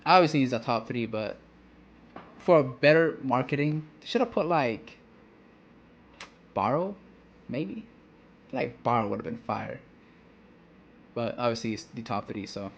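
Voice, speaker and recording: A man's voice: medium pitch, muffled recording, a little hiss or hum. A man giving casual reaction commentary on a manga, rambling with slang, "you know" fillers and frequent restarts.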